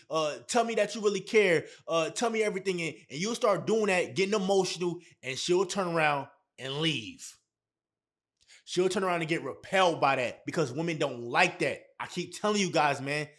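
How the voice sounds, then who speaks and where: A man's voice: a little high, a bit bright. A man giving blunt, emphatic dating advice straight to camera, repeating his points. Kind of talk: casual talk to camera.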